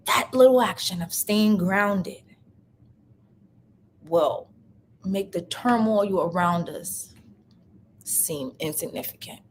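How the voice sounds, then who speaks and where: A young adult woman with a medium-pitched voice hosts a casual live chat on love and life, with slight background noise. Her talk is heartfelt and emotional, she sounds near tears, and she repeats phrases for emphasis.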